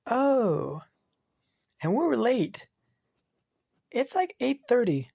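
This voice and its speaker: A man voicing a sleepy, playful young girl in a high, whiny voice. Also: sing-song, slow, darkish tone, slightly rough, full character voice.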